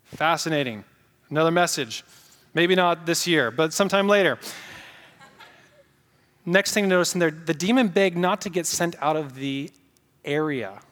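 A man's voice: sits high, fairly bright tone, big-room sound. A male pastor preaching a sermon, emphatic, repeating key points and asking the congregation questions.

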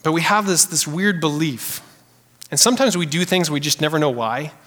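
A man preaches to his congregation in a high, lively voice, talking casually and calling out questions to the room. His words ring out in a long hall reverb of a church sanctuary. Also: moderate pace. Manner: animated, conversational preaching with audience call-outs. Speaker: pastor. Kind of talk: sermon.

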